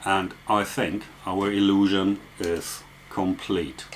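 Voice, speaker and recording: A man's voice: low-pitched, flat delivery, slow, background noise. A man walking through a photography and photo-editing tutorial step by step, explaining as he goes with frequent fillers. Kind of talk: screen-recorded software tutorial.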